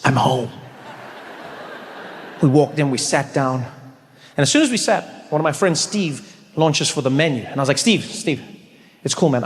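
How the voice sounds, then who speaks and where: A middle-aged man from South Africa doing stand-up comedy storytelling, animated and acting out characters with big pitch jumps, on a large theater stage. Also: slight background noise. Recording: live hall with long reverb, faint ambience.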